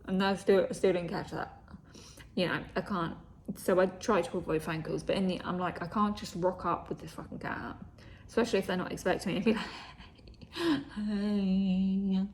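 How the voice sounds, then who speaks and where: A young woman vlogger with a lowish, steady voice tells a story briskly, swearing freely and acting out what people said, frequently sinking to a whisper. A little hiss or hum can be heard.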